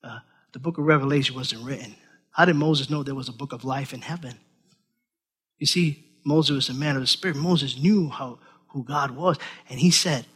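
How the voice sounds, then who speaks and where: A man preaching a sermon, dramatizing the apostle's words and swinging between loud emphasis and quiet asides. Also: a little high, normal speed, husky. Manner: animated, dramatizing scripture with acted voices.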